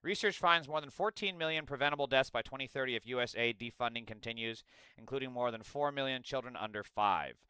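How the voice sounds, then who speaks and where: A man's voice: mid-range voice, a little fast, sharp tone, clean tone, no room sound. A young adult man streaming live, reading out his chat and ranting about politics in a sarcastic, crude way. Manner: mocking impressions in a goofy voice.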